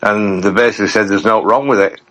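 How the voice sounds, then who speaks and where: A man's voice: fairly low pitch, fairly even intonation, fast, a bit bright, low-quality recording. A man, a regular guest on a fan podcast, talking in a plain-spoken, rambling way. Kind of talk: casual fan podcast chat.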